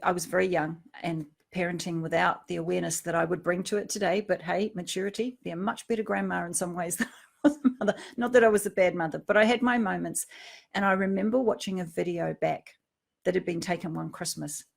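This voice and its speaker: A middle-aged woman giving a reflective personal talk, earnest, dropping to a hush and then rising to emphasis. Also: on the low side, creaky. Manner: earnest, swings from hushed to emphatic. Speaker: speaker on emotional triggers.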